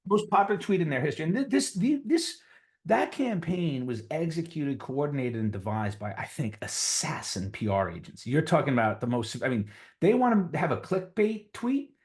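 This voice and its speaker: A middle-aged man with a New York accent, a physician guest on a conversational interview, telling stories with lively pitch swings. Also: normal speed. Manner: animated storyteller, voices quotes with big pitch jumps.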